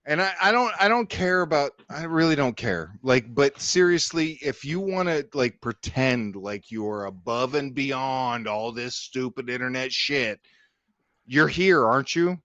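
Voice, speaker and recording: A man's voice: medium pitch, animated, measured pace, fairly bright tone, no echo, dull audio. A man guest on a livestream panel, ranting angrily with lots of swearing and jeers. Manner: angry, profane, jeering rant. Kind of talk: heated livestream panel rant.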